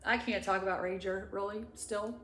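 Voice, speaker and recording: A middle-aged woman vlogger crying as she tells a personal story, halting and rambling with many restarts. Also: medium pitch, steady tone, fairly bright tone. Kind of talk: tearful personal story time. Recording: echoey room.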